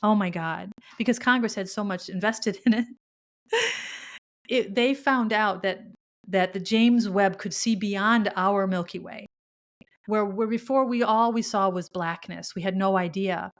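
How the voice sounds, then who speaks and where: Middle-aged woman, spiritual podcast host, earnest and heartfelt, mid-pitched voice. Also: a little slow. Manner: earnest and emotional, with frequent restarts. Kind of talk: spiritual monologue.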